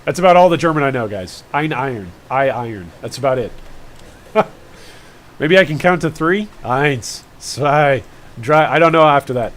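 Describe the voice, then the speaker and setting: A man's voice: on the high side, lively intonation, brisk, pauses often, fairly bright tone. A man streaming a game live, chatting casually and rambling with jokey asides to his viewers. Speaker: gaming streamer.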